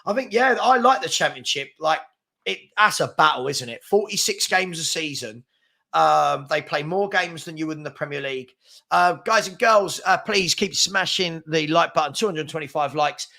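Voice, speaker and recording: A young man with a London accent hosting a live football chat, chatty and quick, reading out viewers' comments and places. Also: fairly high pitch, gravelly, bright, forceful tone. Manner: fast-talking, chatty, reads out names and places.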